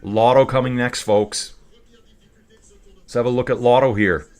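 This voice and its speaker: A man's voice: medium pitch, fairly even intonation, measured pace, a little mellow. A man hosting a live stream, talking casually with rambling, jokey asides. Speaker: cycling stream host.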